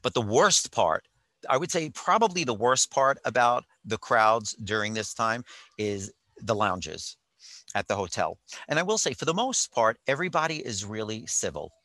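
Bright-toned man, chatty and rambling. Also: mid-range voice, sing-song, moderate pace, no room sound. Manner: chatty, rambling, wry asides. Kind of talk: casual storytelling monologue. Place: hotel on vacation.

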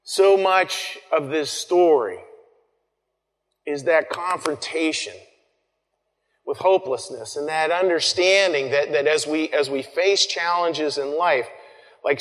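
Earnest male preacher in a reverberant church. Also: on the high side. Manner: earnest, pauses and repeats phrases, drops to soft near-whispers. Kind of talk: sermon. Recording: long reverb.

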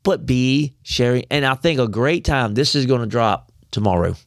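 A man's voice: medium pitch, animated, normal speed, dry recording, studio quality. A man co-hosting a faith podcast, talking in a folksy, conversational way with preachy asides. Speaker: podcast co-host. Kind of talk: casual faith podcast discussion.

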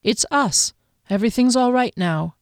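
Woman voicing a calm, soothing young man. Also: on the high side, moderate pace, dry recording, studio quality, pitched above the performer's own voice. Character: steady, kind young man, a loyal friend.

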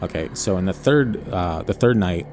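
A man's voice: low voice, lively intonation, moderate pace, a little mellow, slight background noise. A man co-hosting a podcast, telling a personal story in a rambling casual way full of fillers. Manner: rambling, hedging with many fillers. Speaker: podcast co-host.

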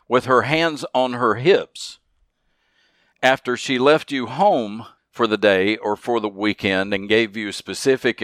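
A man's voice: medium pitch, fairly bright tone, no room sound, studio quality. A man hosting a solo motivational podcast, talking earnestly and leaning hard on repeated key phrases. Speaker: podcast host.

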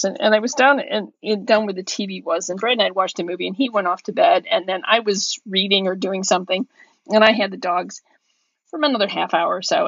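A woman co-hosting a podcast, telling a story in a relaxed chat and acting out her own calls as she goes. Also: mid-range voice, creaky, breathy edge, dry recording, muffled recording. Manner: animated storyteller, acts out her own yelling. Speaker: podcast co-host.

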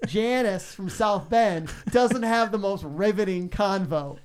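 Animated radio DJ man, fairly high. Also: slow pace, clear, resonant tone. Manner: animated, acts out callers with big pitch jumps. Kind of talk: casual interview, storytelling.

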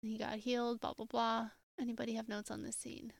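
A woman's voice: on the high side, monotone, brisk, vocal fry, dry recording. A woman co-hosting a podcast, recapping scenes in a dry, wry way. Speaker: podcast co-host. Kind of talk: casual chat.

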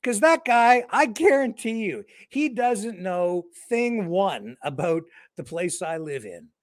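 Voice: medium pitch, sing-song, slow pace, no room sound, studio quality. A co-host of a livestream news show, rambling through joking satirical commentary with mock outrage and lots of fillers. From Canada.

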